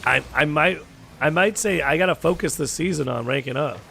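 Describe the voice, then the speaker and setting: A young man with a hoarse, sore throat, chatting casually with viewers while streaming a game and swearing freely. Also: a little high, brisk, bright, forceful tone, a little hiss or hum. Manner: chatty, swears freely, calls people dude. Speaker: gaming streamer. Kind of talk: casual gaming chat with viewers. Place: home gaming setup.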